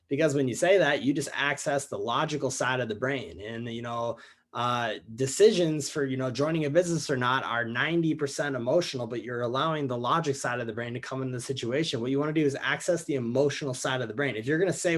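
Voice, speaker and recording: A man's voice: mid-range voice, quick pace. Young man pumping up his team. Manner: energetic, repetitive, addresses listeners as guys. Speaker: network marketing team leader. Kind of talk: motivational training call.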